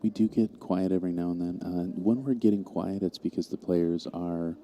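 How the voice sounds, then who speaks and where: Deep dark-voiced male pool commentator. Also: normal speed, slight background noise. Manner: steady, talks through shot choices. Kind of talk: casual live commentary.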